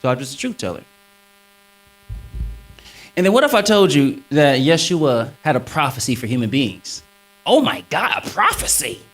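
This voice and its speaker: A man's voice: normal speed, long pauses, soft background music, poor audio. A man talking on stage before an audience, preaching on scripture with a preacherly emphasis. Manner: lively, swinging pitch, preacherly emphasis.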